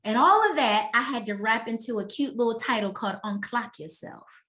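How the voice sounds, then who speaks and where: A woman's voice: a little high, normal speed, bright, forceful tone. A middle-aged woman wellness coach giving a motivational master class talk. She speaks emphatically and conversationally and keeps checking in with her listeners.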